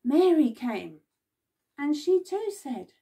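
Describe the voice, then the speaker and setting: A woman's voice: sits high, sing-song, slow, vocal fry, dark tone, far from the mic. A woman leading a children's Bible club, telling the story expressively and asking the children questions.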